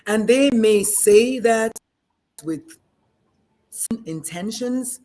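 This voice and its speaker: A middle-aged woman from Nigeria, a physician and guest, telling stories in a lively conversational way and acting out the voices of people she quotes. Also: fairly high pitch, very slow. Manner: animated storyteller, acts out quoted voices. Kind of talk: conversational discussion.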